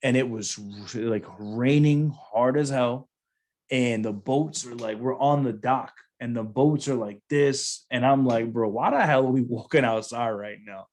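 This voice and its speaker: A man's voice: medium pitch, a little slow. Casual storytelling man, full of slang. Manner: casual, says bro a lot, animated storytelling. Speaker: podcast host, former Marine sergeant. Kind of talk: casual podcast chat, storytelling.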